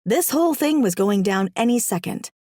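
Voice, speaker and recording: A woman narrating a first-person audiobook in a wry, comic, expressive way. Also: on the high side, normal speed, dry recording, clean studio sound.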